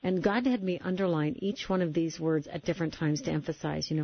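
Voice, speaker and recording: Husky woman hosting on a dull recording. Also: fairly low pitch, fairly even intonation, brisk. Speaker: host. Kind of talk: faith conversation interview.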